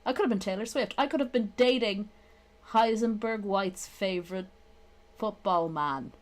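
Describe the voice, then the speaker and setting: Brief: young Irish woman, softened accent, animated, swears freely. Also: normal speed. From Ireland. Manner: animated, swears a lot, laughs, shifts into high-pitched comic voices. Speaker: podcast co-host. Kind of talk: casual chat.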